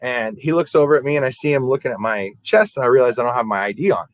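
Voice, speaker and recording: A man, a podcast co-host, telling a story in a casual, animated way and acting out the people in it. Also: medium pitch, quick pace, dry recording, poor audio. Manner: animated, acts out quoted voices.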